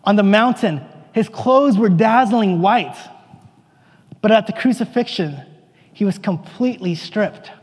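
A man playing a bewildered, excitable apostle, telling his story in earnest, rambling first-person monologue. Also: sits high, a little slow, slightly rough, in a large hall. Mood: reflective. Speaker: actor in a church dramatic monologue.

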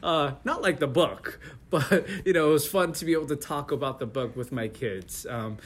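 A middle-aged man answers interview questions in an easygoing way, his voice sitting somewhat high for a man. He restarts sentences often and breaks into laughter as he talks. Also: moderate pace, slight background noise. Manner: hesitant, many restarts and laughs. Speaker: interview guest. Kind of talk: casual conversational interview.

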